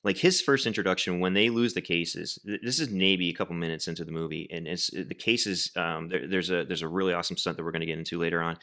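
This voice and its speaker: A man's voice: deep voice, fairly even intonation, fast, hardly any pauses, bright, forceful tone. A man hosting a podcast, chatting in a rambling, enthusiastic way with many fillers. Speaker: podcast host. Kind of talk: casual chat.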